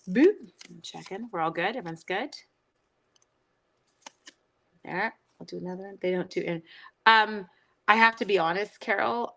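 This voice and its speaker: A woman's voice: medium pitch, a bit bright, low-quality recording. Woman, middle-aged, chatty crafting stream host, self-teasing, casual live chat. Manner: chatty, self-teasing, answers viewer comments.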